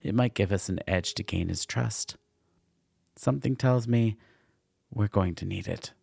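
A man's voice: lowish voice, unhurried, vocal fry, darkish tone, slightly rough, no room sound, studio quality, exaggerated voice. A man voicing a loving woman pianist, speaking in an affectionate, soothing way. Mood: tender. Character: tender, fiercely loyal woman pianist.

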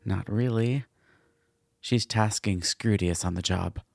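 A brooding ferryman spirit in the shape of a dog, weary and doubtful, with a deep, gravelly voice, as a storyteller reads him. The sound is dry and husky, right up against the mic. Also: slow pace, dry recording, heavily acted.

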